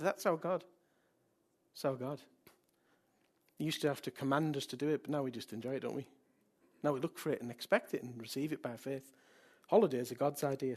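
A middle-aged man preaching a sermon to a congregation in a church, in a lively manner, rising to loud calls and prayers. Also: a little high. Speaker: pastor.

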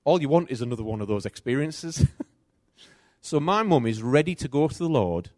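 Man, middle-aged, sermon, personal storytelling, lively rising and falling pitch, dry close sound. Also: a little fast, no echo. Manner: personal storytelling, animated swings between loud and soft. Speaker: preacher.

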